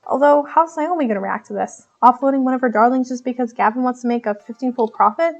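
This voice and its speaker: A woman's voice: high-pitched, quick pace, lo-fi sound. A woman streamer reading a visual novel aloud, giggling often and joking about her own reading. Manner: giggly, playful, self-mocking.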